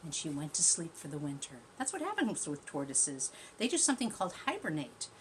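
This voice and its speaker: A woman teacher reading a storybook aloud to young children, gently chatty and asking them questions as she goes. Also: low-pitched, huge pitch swings, brisk, slight background noise.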